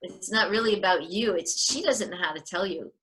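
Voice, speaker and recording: A woman guest on a podcast, giving parenting advice in an animated, chatty way and acting out little scenes. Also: mid-range voice, a little fast, poor audio. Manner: animated, gives advice and acts out short scenes. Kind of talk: casual advice chat.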